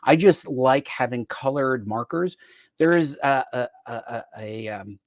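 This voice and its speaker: Male show host, playful and chatty, dry close mic, mid-pitched voice. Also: a little slow, no echo. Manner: upbeat, playful, frequent fillers. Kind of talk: casual chat about gifts.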